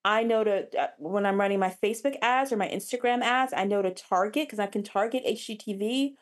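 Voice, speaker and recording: Animated woman author talking. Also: mid-range voice, brisk. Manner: animated, talks in restarts. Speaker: romance author guest. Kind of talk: casual interview chat.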